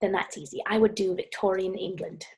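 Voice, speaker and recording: A woman's voice: mid-range voice, fairly even intonation, brisk, vocal fry. A woman co-hosting a playful, chatty conversation over a video call, giggling between thoughts. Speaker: co-host. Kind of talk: casual chat on a video call.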